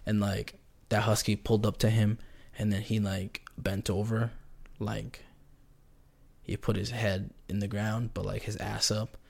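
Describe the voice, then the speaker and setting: A man's voice: fairly low pitch, level tone, unhurried, vocal fry, a little mellow. A man hosting a casual solo podcast, rambling and joking in a slangy way. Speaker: podcast host.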